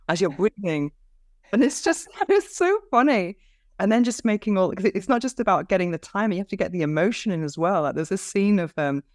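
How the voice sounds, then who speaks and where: A woman's voice: low-pitched, darkish tone, no room sound. Dry-sounding chatty woman podcast host. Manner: chatty, laughs often, frequent restarts. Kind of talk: casual interview chat.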